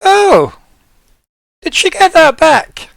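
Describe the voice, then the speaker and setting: A man's voice: high voice, huge pitch swings, a little slow, a bit bright, dry recording, pitched above the performer's own voice, full character voice. A man voicing a lazy, forgetful male creature who has just been woken, speaking in a raised, indignant, drowsy voice. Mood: surprised. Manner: sleepy, forgetful, theatrically indignant.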